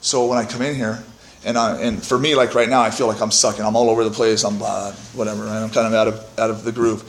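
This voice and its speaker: A man's voice: lowish voice, little pitch movement, fast, echoey room, a little hiss or hum. A man telling his own story to a recovery meeting from the podium, candid and self-mocking, swearing freely and often tagging "right?" onto his points. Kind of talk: personal testimony to a meeting. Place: meeting room. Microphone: podium microphone.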